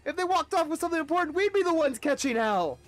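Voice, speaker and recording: A man voicing a brash, hot-tempered young man with a put-on British accent, shouting and swearing. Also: very high voice, animated, fast talker, no echo, soft background music, pitched above the performer's own voice. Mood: angry shouting.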